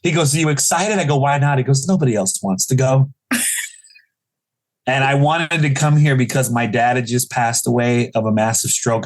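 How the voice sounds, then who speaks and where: A comedian in his forties from Chicago, telling stories in a casual interview and acting out the people he quotes with big jumps in pitch. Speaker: guest comedian.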